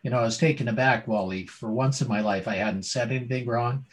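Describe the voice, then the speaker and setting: A man's voice: medium pitch, a little fast, poor audio. Dramatic middle-aged male storyteller. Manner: dramatic storyteller, rhetorical questions. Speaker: guest, former doctor turned speaker. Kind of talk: storytelling interview.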